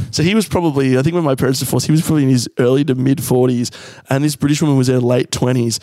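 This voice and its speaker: A man's voice: medium pitch, fairly even intonation, very fast, dark tone, no room sound, studio quality. A man with an Australian accent, co-hosting a podcast and telling a story in casual chat. He swears freely and acts out the voices in it. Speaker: podcast co-host.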